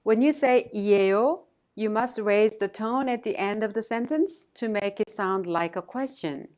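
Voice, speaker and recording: A woman language teacher giving a scripted lesson, speaking clearly and carefully and saying words twice for learners to repeat. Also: mid-range voice, moderate pace, a little mellow.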